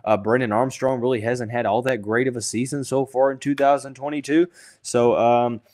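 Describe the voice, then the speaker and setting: A man's voice: medium pitch, fairly even intonation, moderate pace, a little mellow. A young man hosting a podcast, talking through sports in a casual, thinking-aloud way with lots of fillers and restarts, and he has the hiccups. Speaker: podcast host.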